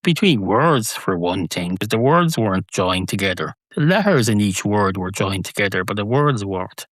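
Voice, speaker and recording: A man hosting a solo podcast, rambling through deadpan absurd humor. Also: lowish voice, normal speed, no room sound. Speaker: podcast host. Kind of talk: comedic solo monologue.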